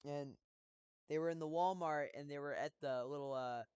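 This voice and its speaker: A young man streaming a game, telling a story casually, rambling with many fillers and restarts and bursts of loud emphasis. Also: on the high side, fairly even intonation, normal speed, smooth, no echo, highs cut off. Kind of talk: casual storytelling while gaming.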